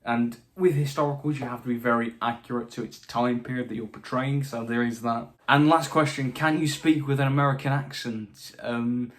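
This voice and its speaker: A man's voice: mid-range voice, steady tone, moderate pace, hardly any pauses. A young British man answering viewer questions in a casual chat, with frequent restarts and dry asides, his voice a little tired late at night. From Britain. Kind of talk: casual Q&A monologue.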